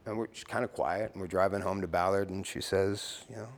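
A man's voice: low-pitched, fairly even intonation, brisk, creaky, few pauses, in a large hall. Blunt middle-aged man telling his story. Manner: casual and blunt, swears, peppers talk with "you know" and "right". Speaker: speaker sharing at a recovery meeting. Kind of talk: personal recovery story.

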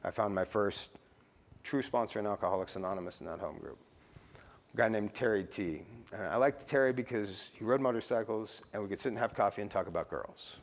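A man's voice: on the low side, a little fast, gravelly, in a large hall. A middle-aged man sharing his recovery story at a meeting, blunt and casual, swearing and tossing in "you know" and "right.".

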